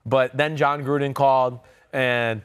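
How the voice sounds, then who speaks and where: A man's voice: mid-range voice, fairly even intonation, measured pace, clean tone, no echo. A man in his forties, a podcast host and former quarterback, telling loose, rambling stories in casual sports talk. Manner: loose, rambling storyteller with many fillers.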